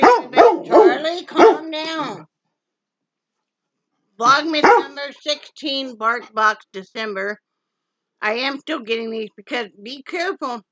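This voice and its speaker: A woman's voice: medium pitch, pushed and bright, no room sound, low-quality recording. A woman from Wyoming chatting casually while unboxing a dog subscription box, breaking off to scold and coo at her dogs. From Wyoming, USA. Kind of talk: casual unboxing vlog chat. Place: home with dogs around. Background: dogs moving and making noise.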